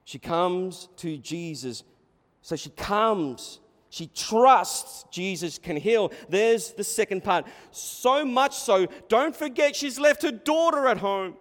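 A man preaching a sermon in a church hall, telling the story with animated, dramatic delivery. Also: high-pitched, slow pace. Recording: echoey hall reverb.

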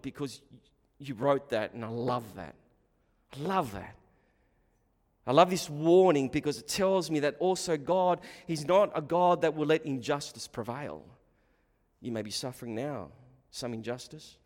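Impassioned preacher in an echoing hall. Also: male voice. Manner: impassioned, swings between loud emphatic bursts and quiet low asides; repeats words and restarts phrases. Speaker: pastor. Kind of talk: sermon. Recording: long hall reverb.

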